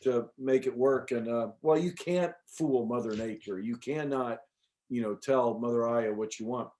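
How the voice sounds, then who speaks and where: A man's voice: mid-range voice, moderate pace. Chatty middle-aged man telling a story. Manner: animated, chatty, frequent fillers and restarts; salty, swears casually. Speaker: interview guest recounting an experience. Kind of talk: casual storytelling.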